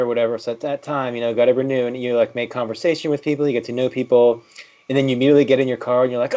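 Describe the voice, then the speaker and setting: A man's voice: medium pitch, steady tone, fast, a little mellow, highs cut off. A man co-hosting a podcast, joking around with lots of fillers and swearing. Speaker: podcast co-host. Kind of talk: casual chat.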